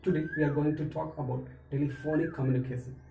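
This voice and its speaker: A man teaching an English lesson, explaining phrases and repeating them slowly for learners. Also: fairly high pitch, flat delivery, creaky, mellow, slight background noise. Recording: echoey room, mic far off.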